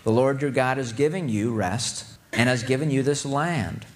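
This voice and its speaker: A man's voice: mid-range voice, normal speed. Male Bible teacher with a mid-range voice, conversational sermon, reads verses and then unpacks them. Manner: reads scripture then explains with rhetorical questions.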